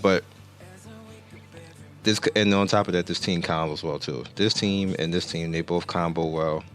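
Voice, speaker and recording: A man's voice: deep voice, steady tone, measured pace, soft background music. A man giving casual, rambling gameplay commentary as a game reviewer, often correcting himself, with the hiccups. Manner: rambling, self-correcting, laid-back. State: has the hiccups.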